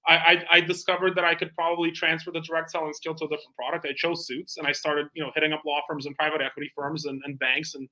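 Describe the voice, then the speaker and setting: A middle-aged man, a guest in an interview, telling animated stories about his sales career and acting out phone calls. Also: fairly high pitch, fast, hardly any pauses, poor audio. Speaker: guest, bespoke tailor and founder. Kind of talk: casual interview storytelling.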